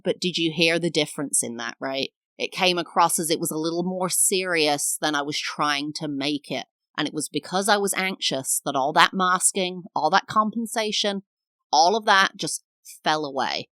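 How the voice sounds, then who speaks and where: Bright-toned woman podcaster, dry close sound. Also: lowish voice, normal speed, no room sound. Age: 30s. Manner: earnest, reflective, demonstrates tones of voice. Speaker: podcast host. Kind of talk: casual solo podcast talk.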